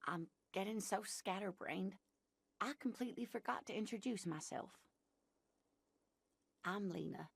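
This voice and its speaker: Game role, chatty old lady, creaky husky voice, sweet and doting. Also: mid-range voice, unhurried, long pauses, dry recording. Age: older. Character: cheerful scatterbrained old married lady in a wheelchair. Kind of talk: video game voice acting.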